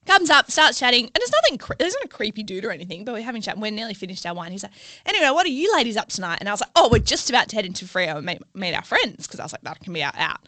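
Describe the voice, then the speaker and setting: A woman's voice: medium pitch, very fast, hardly any pauses, dry recording. A woman in her twenties with an Australian accent, co-hosting a casual podcast chat and telling stories with lots of laughter. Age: 20s. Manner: animated storytelling, laughing often. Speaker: podcast co-host.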